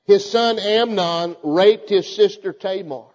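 Fervent preacher in a reverberant church. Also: male voice, high voice, slow pace, a little mellow. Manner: fervent, repetitive, calls out to the congregation. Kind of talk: sermon. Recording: dull audio with long church reverb.

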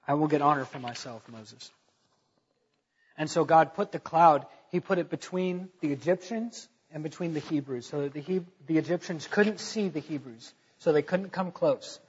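A man's voice: a little high, normal speed, few pauses, darkish tone, slightly rough, in a large hall, muffled recording. A man preaching a conversational sermon, telling the story in casual talk with fillers and stressing key points.

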